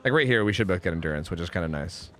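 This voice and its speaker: A young man streaming a video game, rambling and swearing, swinging between groans and excited outbursts. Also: low-pitched, racing, soft background music. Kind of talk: live gameplay commentary.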